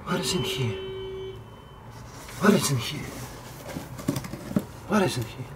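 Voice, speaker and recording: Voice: medium pitch, animated, slow, heavy background noise. A pet owner filming cats and talking to them in a playful, teasing, coaxing way, with simple non-native English grammar. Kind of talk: playful talk to pets.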